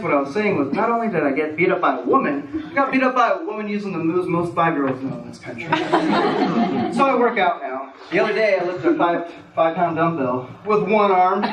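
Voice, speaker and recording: A man performing a stand-up comedy routine on a small stage, animated and jumping into squeaky voices for the people he quotes. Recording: echoey room from far off, noisy.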